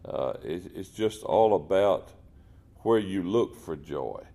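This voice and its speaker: A man's voice: low voice, animated, slow, dark tone. A man telling faith stories in a folksy, earnest way. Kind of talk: casual Christian talk.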